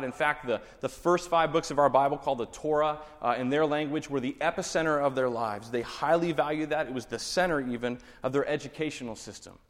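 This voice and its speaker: A man's voice: fairly high pitch, a bit bright, big-room sound. A man with a Texan accent, a pastor giving a conversational teaching sermon full of rhetorical questions. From Texas.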